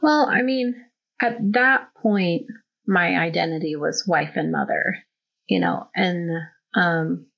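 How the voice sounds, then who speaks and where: A woman in her thirties, a podcast guest, answering in a slow, hesitant, thoughtful way. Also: fairly low pitch, gravelly. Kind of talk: conversational interview. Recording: dull lo-fi audio.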